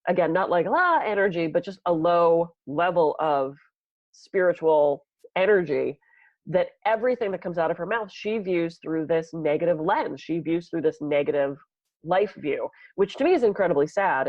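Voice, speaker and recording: Lively storytelling woman, low and dry. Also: dry recording, highs cut off. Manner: animated storyteller, acts out quoted people. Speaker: podcast co-host, massage therapist. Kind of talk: casual podcast chat.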